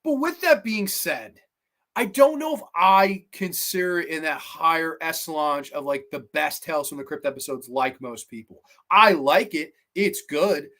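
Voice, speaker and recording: A man hosting a casual review show, talking in a chatty, animated way and acting out quotes. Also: on the high side, normal speed. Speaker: host.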